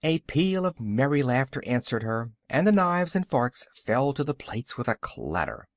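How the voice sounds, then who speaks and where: A man narrating a children's fantasy audiobook in an expressive, animated way. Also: mid-range voice, moderate pace, no echo, studio quality. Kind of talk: storybook narration.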